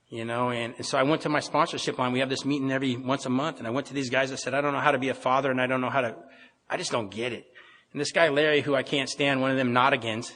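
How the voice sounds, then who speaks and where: Fast-talking man in an echoing hall. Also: mid-range voice, a bit bright. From Pacific Northwest of the US. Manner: plainspoken, storytelling with repeated restarts. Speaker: AA meeting speaker. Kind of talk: personal recovery story told to a meeting. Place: meeting hall. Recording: reverberant meeting hall.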